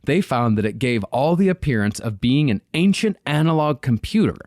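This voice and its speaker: A man's voice: mid-range voice, big pitch swings, normal speed, a little mellow, no room sound, studio quality. A man co-hosting a podcast, reading research notes in a casual, sarcastic way and swearing freely. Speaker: podcast co-host.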